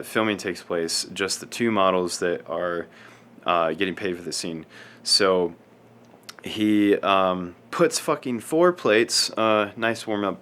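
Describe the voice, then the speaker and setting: Low-voiced rambling man telling a story. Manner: self-described monotone, rambling and scatterbrained, swears often. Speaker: fitness vlogger. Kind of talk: casual storytelling to camera.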